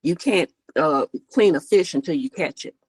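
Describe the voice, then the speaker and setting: Woman guest, very low voice, dry close sound, down-to-earth with homespun sayings. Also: normal speed, darkish tone, husky, no echo, rough recording. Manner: plain-spoken, fond of folksy sayings. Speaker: podcast guest, holistic practitioner. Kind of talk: casual chat.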